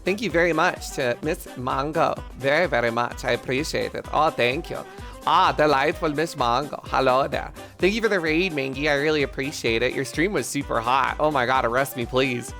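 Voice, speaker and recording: Chatting with his stream audience, this man rambles, swears and pokes fun at himself, a faint music playlist running in the background. He speaks briskly in a mid-range, slightly bright voice with few pauses.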